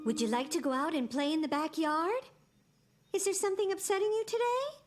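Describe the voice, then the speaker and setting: A woman's voice: extremely high pitch, a little fast. A voice actress playing a patient grandmother who coaxes a small boy kindly. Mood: coaxing. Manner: coaxing, kind, questioning. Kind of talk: cartoon voice acting. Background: children's music.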